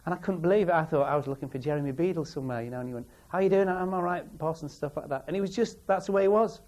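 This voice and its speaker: A former player in a documentary interview, telling an excitable, lively story. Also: male voice, a little high, racing.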